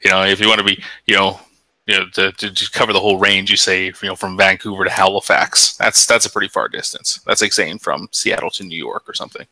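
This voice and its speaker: Canadian man, fast and bright, dry close sound, rambling group chat. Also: deep voice, fairly even intonation, no echo, rough recording. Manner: rambling, many repeated words.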